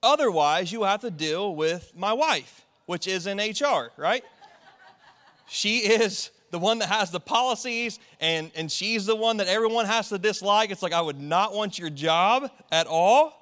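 A man's voice: high-pitched, animated, unhurried, a bit bright, big-room sound. A man preaching a sermon in a casual, conversational way, full of fillers and asides. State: tearful, sniffling. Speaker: pastor.

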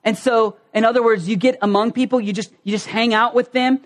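A man's voice: very high voice, steady tone, brisk. A middle-aged man with a Southern Ohio accent preaching a sermon as pastor, folksy, repeating key phrases and asking the congregation questions.

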